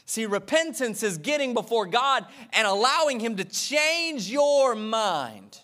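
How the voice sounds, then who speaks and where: A man's voice: extremely high pitch, very animated, a little slow, bright, forceful tone. A male pastor preaching a sermon with impassioned, emphatic repetition, speaking directly to his congregation.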